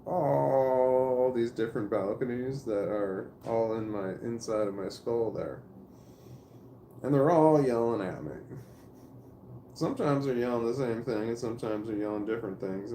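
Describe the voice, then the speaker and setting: A man with a gravelly, dark voice talks casually to camera, rambling and halting as he restarts his sentences and swears along the way. The sound is roomy and echoey. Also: medium pitch, a little hiss or hum. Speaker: vlogger. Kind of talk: casual spoken monologue to camera. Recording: roomy echo.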